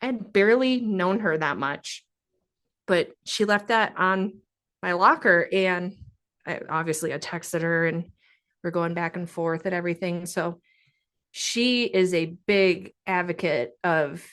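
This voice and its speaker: A young woman telling a personal story in a podcast interview, speaking haltingly and with feeling, with many pauses and fillers. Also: fairly low pitch, a bit bright. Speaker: guest sharing a personal story.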